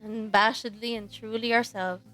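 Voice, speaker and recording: A young woman streaming, reading a dating game aloud in a giggly, animated way. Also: a little high, moderate pace, faint music behind.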